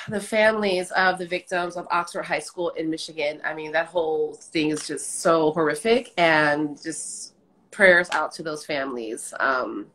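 A woman's voice: fairly low pitch, a bit bright. A middle-aged woman hosting a casual livestream chat, laughing and emotional, gushing over friends. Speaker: livestream host, former dancer.

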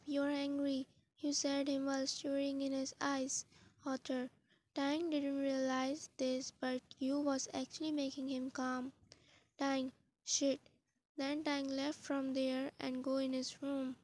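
A woman's voice: high voice, completely flat delivery, slow, darkish tone. A woman reading a fan fiction story aloud, doing every part in the same plain voice.

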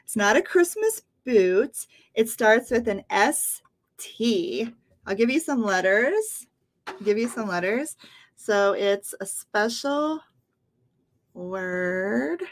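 A woman's voice: on the high side, expressive, takes it slowly. A woman teaching English on a livestream, repeating words patiently for learners. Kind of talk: livestream lesson.

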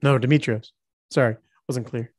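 A man's voice: mid-range voice, steady tone, moderate pace, no room sound, studio quality. A man playing a tabletop game, bantering in character with playful jokes. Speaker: player.

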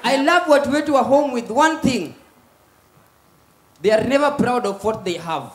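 Kenyan male stand-up comic, very high pitch, loud and punchy delivery, echoey live-stage recording. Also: animated, quick pace. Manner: loud, mixes Swahili and English, acts out voices. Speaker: stand-up comedian. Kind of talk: stand-up comedy set. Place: live comedy stage with audience. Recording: echoey live venue with faint ambience.

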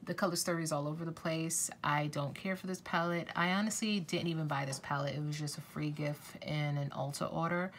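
A woman's voice: deep voice, fairly even intonation, a little fast, few pauses, a little hiss or hum. A woman talking casually to camera as a beauty vlogger, chatty and effusive, swearing now and then.

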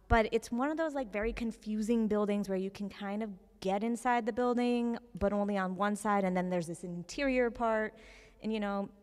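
A young woman telling a personal story on stage in an animated, self-mocking, conversational way. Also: mid-range voice, clean tone. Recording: reverberant hall.

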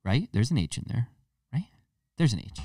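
A man's voice: mid-range voice, big pitch swings, normal speed, husky, no echo, clean studio sound, recorded from a distance. A young man with a New England accent, hosting a casual comedic podcast and ranting in a rambling, profane, jokey way. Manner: rambling, profane, jokey rants with sudden loud jumps. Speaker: podcast host.

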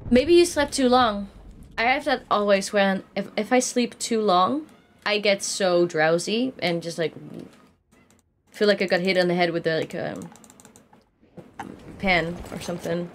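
A young woman with a Dutch accent, chatting casually and reacting excitedly while streaming a game. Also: medium pitch, measured pace. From Netherlands. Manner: chatty, excitable, breaks into laughs and yelps. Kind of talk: casual gaming stream chat. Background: game gunfire.

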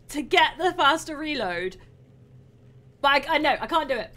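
A young adult woman hosting a live game stream, commentating excitedly and laughing often. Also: high-pitched, moderate pace. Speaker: streamer host.

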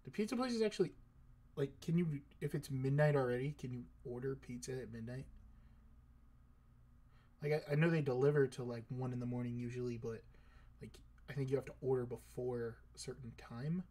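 A man giving let's-play commentary over a game, joking, excitable and swearing casually. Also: medium pitch, a little fast. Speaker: gaming video creator.

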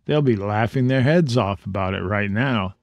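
A man reading the part of a genial middle-aged detective father, calm and measured. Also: lowish voice, gravelly, no room sound.

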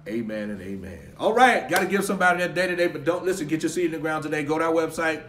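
A man's voice: on the high side, lively intonation, fast, fairly bright tone. A man preaching emphatically, repeating and restarting his words as he drives his points home, then praying for his online viewers. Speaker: pastor. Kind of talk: livestreamed sermon and prayer. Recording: echoey room with faint ambient noise.

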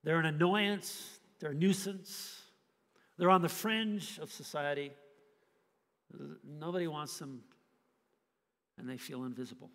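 A man preaching a sermon, telling a story with animated, acted-out scenes. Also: a little high, measured pace, long pauses, long reverb tail. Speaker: pastor. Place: church hall.

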